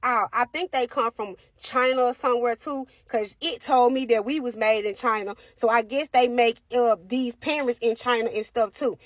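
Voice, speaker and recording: A woman voicing a confident, bossy little girl who speaks in a matter-of-fact way, lower and quieter than her own voice. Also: normal speed, few pauses, dry recording, clean studio sound, close to an everyday voice.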